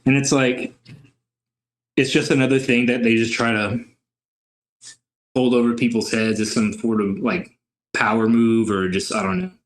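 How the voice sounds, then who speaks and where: Relaxed rambling man from Louisiana. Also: mid-range voice, unhurried, pauses often. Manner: relaxed, rambling, heavy on fillers. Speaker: podcast guest. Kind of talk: casual chat.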